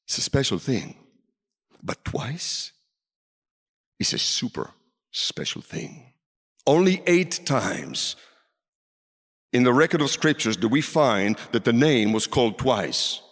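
A man preaching a sermon in a large hall, dramatic, swinging from loud calls down to near whispers. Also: medium pitch, big pitch swings, slow pace, pauses often. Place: large hall with a seated audience. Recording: reverberant hall.

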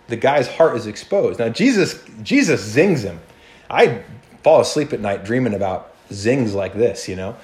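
Animated man preaching a sermon. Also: fairly low pitch. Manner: animated, conversational, with restarts and acted-out quotes. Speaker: pastor.

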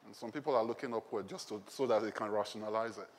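A man's voice: fairly low pitch, fast. A male pastor preaching a sermon in a conversational way, often asking the congregation questions.

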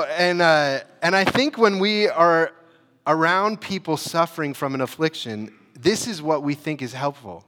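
Conversational preacher in a reverberant hall. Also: male voice, fairly high pitch, animated, measured pace, bright, forceful tone. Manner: conversational, frequent "you know" and restarts. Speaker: pastor. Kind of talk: sermon.

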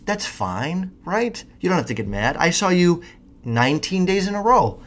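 A nineteen-year-old man rambling casually to viewers, answering questions with lots of swearing and animated rants. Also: high voice, normal speed. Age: young adult. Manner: profane, animated, self-deprecating rants.

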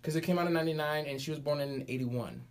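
A man hosting a casual podcast chat, swearing freely and holding forth emphatically. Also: fairly high pitch. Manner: profane, emphatic, rapid storytelling.

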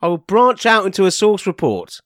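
Bloke cohosting a comedy podcast, swears a lot, voice swoops all over, dry close mic. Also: male voice, sits high, sing-song, moderate pace, no room sound. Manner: swearing, teasing, mock-showman intros. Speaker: podcast co-host. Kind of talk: casual comedic chat.

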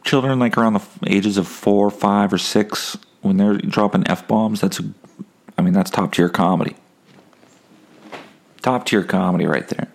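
A man's voice: fairly low pitch, fairly even intonation, moderate pace. A man hosting a casual solo podcast, rambling and wry, swearing freely. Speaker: podcast host.

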